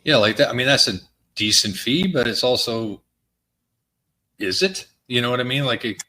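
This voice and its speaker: A man on a sports podcast, giving measured and slightly hesitant analysis. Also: mid-range voice, animated, pushed and bright. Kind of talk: casual sports podcast chat.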